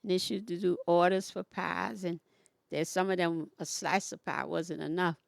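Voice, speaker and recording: A woman's voice: on the low side, fairly even intonation, normal speed, vocal fry, no echo, clean studio sound. An older woman, the interview guest, telling stories from her past in a rambling, folksy way. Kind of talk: casual storytelling.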